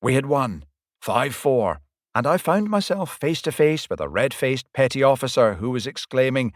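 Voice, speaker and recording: Lively male audiobook narrator, dry sound. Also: normal speed, no room sound. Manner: animated, swings pitch and loudness with the action. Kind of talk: first-person audiobook narration.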